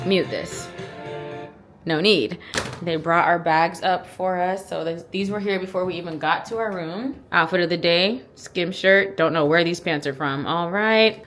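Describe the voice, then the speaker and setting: A young woman vlogging casually, gushing and excited as she shows around. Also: lowish voice. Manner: bubbly, gushing. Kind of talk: casual vlog narration.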